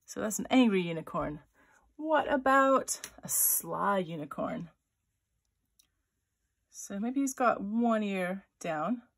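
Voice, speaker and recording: A woman's voice: mid-range voice, lively intonation, slow pace, gravelly, long pauses. A woman author-illustrator leading a children's drawing tutorial, thinking aloud as she sketches and chatting playfully. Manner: voices little sound effects for her drawings.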